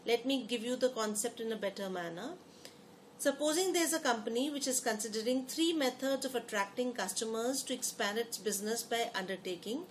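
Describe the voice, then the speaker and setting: A woman's voice: fairly high pitch, brisk, slight background noise. A woman teaching a lesson. She often repeats phrases and puts questions to her students. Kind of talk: lecture explaining to students.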